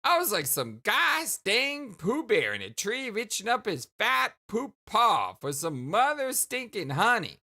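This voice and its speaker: A woman reading the lines of a smug, deadpan teen boy who rambles about how cool he is, aloud from a story game. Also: mid-range voice, measured pace, few pauses, pitched above the performer's own voice, exaggerated voice. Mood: rambling.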